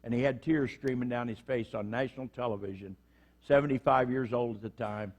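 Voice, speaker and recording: A man's voice: medium pitch, fairly even intonation, a little fast. A middle-aged man preaching a conversational sermon in church, acting out short quotes as he goes. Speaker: prison minister preaching.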